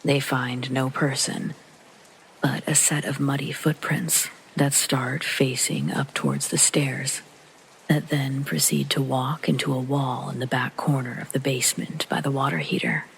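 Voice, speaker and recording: A man narrating a first-person horror story in a calm, low-key reading that often sinks to a soft whisper, with rain behind him. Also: unhurried, vocal fry, a little hiss or hum, poor audio. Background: rain sounds.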